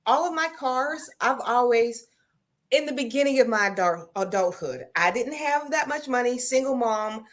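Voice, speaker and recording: American woman, relaxed storyteller. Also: fairly high pitch, normal speed. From Pennsylvania, US. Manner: relaxed, storytelling, reads viewer comments. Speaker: co-host, crochet creator. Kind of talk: casual livestream chat.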